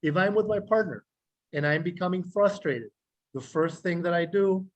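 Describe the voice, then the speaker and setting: A man, a clinical psychologist, explaining self-regulation to a group in a measured way, listing words slowly and asking questions. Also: sits high, highs cut off. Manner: measured, repeats key words in slow lists; speaks directly to listeners, asks rhetorical questions. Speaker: clinical psychologist teaching a meditation class.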